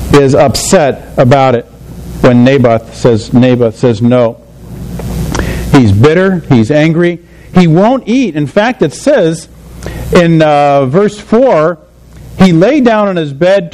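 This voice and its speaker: A man's voice: fairly high pitch, darkish tone, slight background noise, low-quality recording. A man preaching a sermon in a conversational way, often asking his listeners questions.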